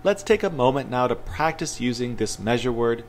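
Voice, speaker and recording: A man teaching a recorded language lesson, patiently explaining grammar and repeating phrases slowly for learners to copy. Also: medium pitch, animated, a little hiss or hum. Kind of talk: pre-recorded lesson narration.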